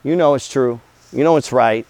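A man's voice: medium pitch, moderate pace, a little mellow, no room sound. A man giving a blunt, profane motivational talk about money, full of rhetorical questions. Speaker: host.

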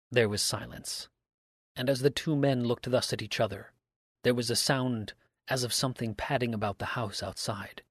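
A man giving a measured, grave dramatic reading of an old mystery story. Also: medium pitch, steady tone, husky, no echo. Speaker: story reader.

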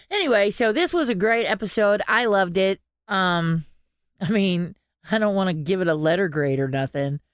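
A woman's voice: medium pitch, measured pace, long pauses, smooth, dry recording, studio quality. A woman podcast co-host, chatting casually and acting out the voices of people in her stories. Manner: animated storytelling, acting out quotes.

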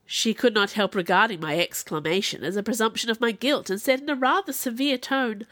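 A woman reading a classic novel aloud as narrator, with expressive, dramatic delivery. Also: fairly high pitch, brisk, no room sound, studio quality. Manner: expressive, dramatic in quoted speech.

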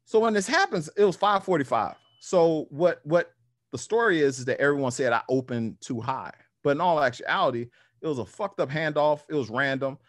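Brief: male guest, lively storyteller, slightly high voice, dry recording. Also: a little fast, dry recording. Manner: animated, acts out other voices, casual slang and swearing. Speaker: guest powerlifter. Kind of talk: casual storytelling.

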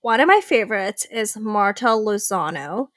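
A young woman chatting casually and enthusiastically as a co-host. Her voice sits at an ordinary middle pitch and sounds dry and close to the mic. She gushes freely. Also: very animated, moderate pace, no echo. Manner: enthusiastic, gushing. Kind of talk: casual fashion chat.

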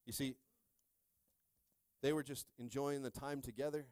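Man, pastor, sermon, call-and-response, hushed to shouting, dry close mic. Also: mid-range voice, fairly even intonation, a little slow, no echo.

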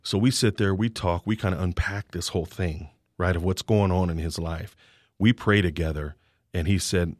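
Earnest low-voiced man telling a story. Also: normal speed, no echo, studio quality. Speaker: sports ministry leader. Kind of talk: storytelling in a faith interview.

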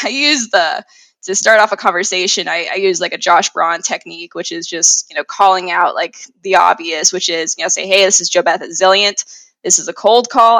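A woman's voice: on the low side, creaky, sharp tone, no room sound, poor audio. A woman in sales, a guest on an interview, talking chattily and filling her speech with "like" and "you know". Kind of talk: conversational interview.

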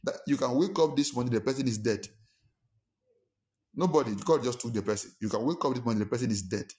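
A man's voice: medium pitch, fast talker, a little mellow. A man preaching a sermon as pastor, emphatic and full of rhetorical questions. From Nigeria. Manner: emphatic, fires rhetorical questions, acts out quarrels in a raised voice.

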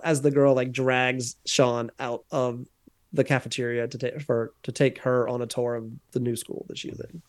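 A man co-hosting a podcast, casually recapping a sitcom episode with fillers and quick quoted lines. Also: mid-range voice, level tone. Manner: recounts scenes with quick acted-out quotes, many fillers. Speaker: podcast co-host.

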